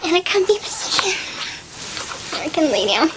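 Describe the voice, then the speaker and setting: A young woman in her twenties speaking into a self-recorded video, soft and hesitant, with many fillers and restarts and an earnest, devoted tone. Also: extremely high pitch, very animated, normal speed, noisy background. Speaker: person recording a private video message. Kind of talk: casual spoken video message. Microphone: self-recorded video camera.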